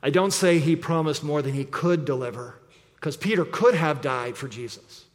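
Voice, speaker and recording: A man preaching an earnest sermon as pastor, often dropping low and quiet to press a point. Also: normal speed. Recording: long hall reverb.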